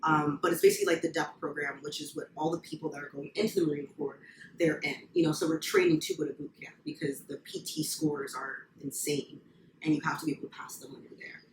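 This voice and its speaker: This young woman talks in a low voice that swings widely in pitch as she tells her stories with animated energy. She is a podcast guest in casual conversation, recorded in a roomy space with echo and a faint hiss underneath. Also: quick pace, creaky. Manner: animated storytelling, frequent laughs. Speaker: guest, former Marine. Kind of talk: casual chat. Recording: echoey room, faint noise.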